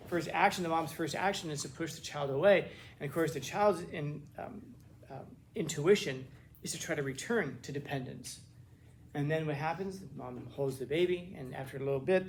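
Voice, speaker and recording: A man's voice: on the high side, slight background noise. A male teacher giving a casual classroom lecture, acting out quotes with lots of restarts. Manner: casual, animated, acts out quotes with frequent restarts.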